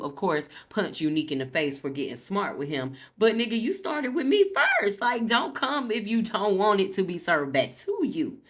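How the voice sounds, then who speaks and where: A woman's voice: mid-range voice, fairly bright tone. A woman giving a casual TV episode recap, chatty and gossipy, swearing freely and talking straight to her viewers. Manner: chatty, gossipy and profane, addressing viewers directly. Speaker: TV recap vlogger.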